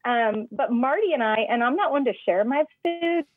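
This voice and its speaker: A woman, co-hosting a casual podcast chat, talkative and quick to laugh, sometimes trailing off while she remembers. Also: sits high, expressive, phone-quality sound. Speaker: podcast co-host.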